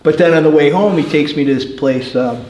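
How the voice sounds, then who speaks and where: A middle-aged man from New York City, a martial arts coach telling animated stories in a casual chat and laughing often. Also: a little high, brisk, heavy background noise. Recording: echoey room.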